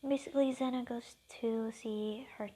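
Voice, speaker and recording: A woman's voice: on the high side, fairly even intonation, moderate pace, mellow. A woman casually improvising a fan-fiction story, rambling and hesitant, often half-whispering.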